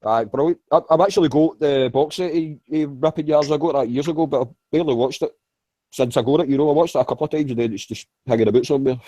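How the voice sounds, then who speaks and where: A man's voice: fairly high pitch, quick pace, dark tone, no room sound. A man chatting loosely, rambling and swearing now and then. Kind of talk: casual chat.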